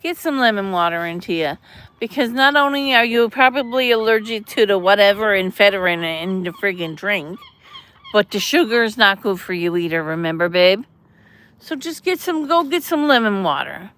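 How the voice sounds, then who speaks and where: A woman's voice: medium pitch, a bit bright. A middle-aged woman chatting on a casual livestream, answering chat in a chatty, mothering and blunt way, with some cursing. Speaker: livestream host reading chat.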